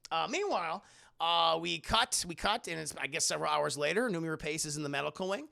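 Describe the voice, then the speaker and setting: Man, young adult, high voice, very gravelly, film recap for live chat, casual and profane, does silly character voices. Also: quick pace. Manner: animated retelling, acting out characters in silly voices.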